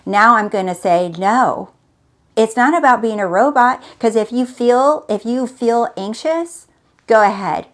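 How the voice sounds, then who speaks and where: A woman's voice: a little high, measured pace, fairly bright tone. Emphatic woman giving a spiritual pep talk. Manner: emphatic, repetitive and coaxing, addressing the listener directly. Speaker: host.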